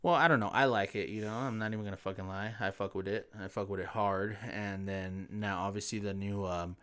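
A man's voice: lowish voice, steady tone, fairly quick, fairly bright tone, clean tone. A man hosting a podcast in loose casual chat, laid-back, swearing freely and full of fillers. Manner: laid-back, heavy cursing, lots of fillers. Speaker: podcast host.

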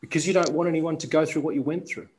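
A man's voice: on the high side, steady tone, a little mellow, slight background noise. Man coaching in a reflective tone. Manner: deliberate, reflective, emphatic. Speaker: podcast host, coach.

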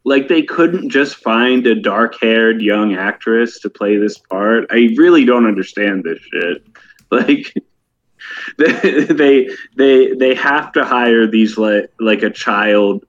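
A man's voice: fairly low pitch, dull audio. A man co-hosting a casual podcast chat, sounding frustrated, with lots of fillers and casual swearing. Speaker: podcast co-host.

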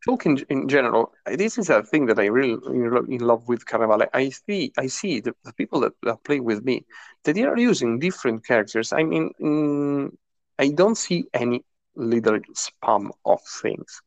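A man's voice: mid-range voice, lively intonation, normal speed, dry recording, highs cut off. A man co-hosting a casual chat about a tabletop game, hesitant, with many fillers and restarts. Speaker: podcast co-host.

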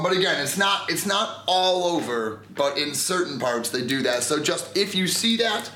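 A man co-hosting a casual chat, animated and quick to laugh, hedging as he explains. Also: a little high, reverberant, slight background noise. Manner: animated, laughs easily, hedges a lot. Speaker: podcast co-host. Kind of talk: casual chat about Spanish language.

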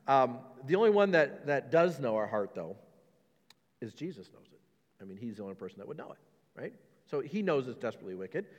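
A man preaching a sermon as pastor, animated and joking, mocking quotes with laughs. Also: a little high. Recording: long reverb of a hall.

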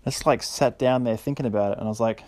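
A man's voice: medium pitch, very fast, darkish tone, no room sound. A man in his thirties hosting his own podcast, talking casually and rambling, self-deprecating and motivational, laughing often. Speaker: podcast host. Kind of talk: casual solo podcast monologue.

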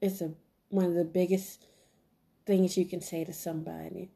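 A woman's voice: on the low side, flat delivery, normal speed, vocal fry, warm tone, breathy edge. A woman hosting a solo podcast, giving an earnest, encouraging self-help talk with lots of repetition. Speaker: podcast host.

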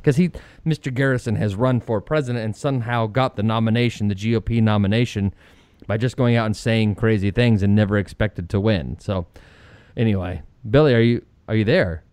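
A man's voice: lowish voice, brisk, clean tone, no room sound. A middle-aged man hosting an opinionated political talk show, telling stories sarcastically and mocking the people he quotes. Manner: sarcastic, lively storytelling with mocking quoted voices. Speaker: radio talk show host.

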